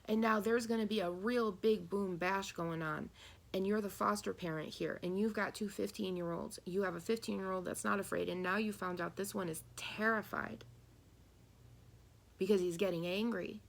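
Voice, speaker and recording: A woman's voice: mid-range voice, steady tone, moderate pace, creaky. A woman reading tarot and channeling messages, talking earnestly and asking listeners rhetorical questions. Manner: earnest, rhetorical questions, acts out quoted voices. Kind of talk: spiritual channeling talk.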